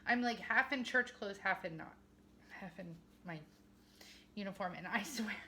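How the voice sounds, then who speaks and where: A woman's voice: medium pitch, moderate pace, sharp tone, a little hiss or hum. Chatty woman cooking in her kitchen. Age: 40s. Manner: chatty, self-mocking, talks to viewers while working. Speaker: home cooking vlogger. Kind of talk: casual kitchen vlog. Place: home kitchen.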